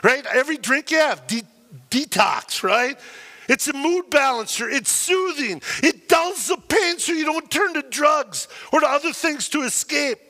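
A man preaching a sermon as pastor, telling emotional stories in an animated way and acting out the people in them. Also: very high-pitched, measured pace, big-room sound. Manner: animated, emotional storytelling with acted quotes.

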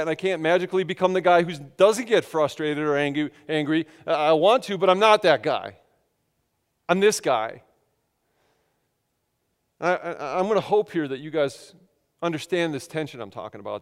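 Man, 30s, pastor; chatty self-deprecating sermon delivery, slightly high voice, long hall reverb. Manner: conversational storytelling, self-deprecating, many restarts.

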